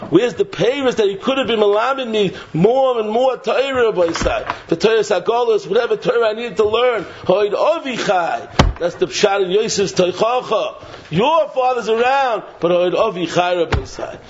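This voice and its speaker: A high-pitched man preaching a Torah sermon in a rolling sing-song. He keeps sinking to a low, quiet refrain between phrases. The recording sounds dull and lo-fi. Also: moderate pace, a little hiss or hum. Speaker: rabbi giving a Torah talk.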